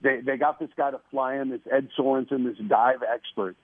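Male guest on a phone-in, husky and dry, enthusiastic, repeats himself. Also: medium pitch, a little fast, no room sound. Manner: enthusiastic, repeats words when excited. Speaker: guest promoting a TV show. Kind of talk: casual radio interview. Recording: tinny phone-line sound.

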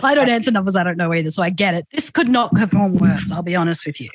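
A woman's voice: fairly low pitch, expressive, fast, no echo. An Australian woman co-hosting a podcast, chatting in a bubbly, giggly, self-mocking way. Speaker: podcast co-host. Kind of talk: casual podcast chat.

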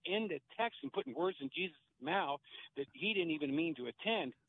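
A man's voice: a little high, expressive, a little fast. Male radio caller, earnest, scripture-quoting, tinny phone with faint hiss. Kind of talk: phone-in talk.

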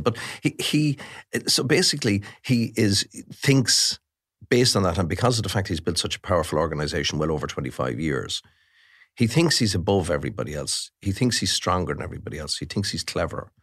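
A middle-aged Irish man, a crime journalist, talking emphatically in a podcast interview with frequent restarts. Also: low-pitched.

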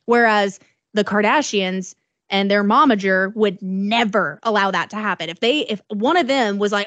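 A woman's voice: medium pitch, moderate pace, a bit bright, no room sound. A woman co-hosting a podcast, chatting about celebrity news in a curious manner that trails off. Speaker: podcast co-host. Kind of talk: casual gossip chat.

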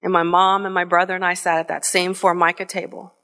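A middle-aged woman from Northwest Ohio telling a personal story on stage, slow and deliberate with emotional pauses. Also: lowish voice, level tone, bright, forceful tone. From Northwest Ohio, USA. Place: theater stage before an audience.

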